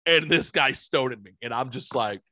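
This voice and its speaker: A man's voice: mid-range voice, normal speed, pushed and bright, no room sound. A man hosting a podcast, telling a rambling story with lots of swearing and fillers. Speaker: podcast host. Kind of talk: casual storytelling chat.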